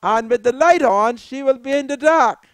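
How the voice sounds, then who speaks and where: A Bahamian woman hosting a political talk show, giving an impassioned monologue in a preacherly way that rises to shouted appeals. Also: high-pitched, normal speed, dry recording. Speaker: political commentator, show host.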